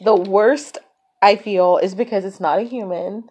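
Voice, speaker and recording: A woman's voice: medium pitch, fairly even intonation, a little slow, a little mellow, breathy edge. A woman co-hosting a podcast in casual chat, easygoing and matter-of-fact.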